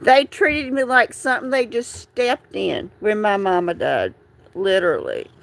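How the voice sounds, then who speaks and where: A woman, talking through grief on a live stream, halting and repeating herself, tearful at times. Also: mid-range voice, lively intonation, creaky, poor audio. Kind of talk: emotional live stream chat.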